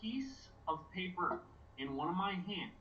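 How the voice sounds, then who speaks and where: A man's voice: sits high, expressive, a little slow, pushed and bright, far from the mic, lo-fi sound. A man hosting a casual watch-party chat, rambling with many fillers. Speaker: podcast host.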